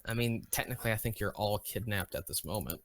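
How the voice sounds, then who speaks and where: A man running a tabletop game as game master, talking in an unhurried, searching way with many fillers and restarts. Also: fairly low pitch, fairly bright tone, a little hiss or hum.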